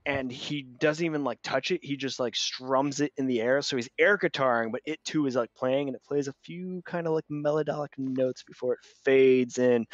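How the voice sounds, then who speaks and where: A man's voice: medium pitch, no echo, lo-fi sound. A man running a tabletop game as game master, describing scenes with many fillers.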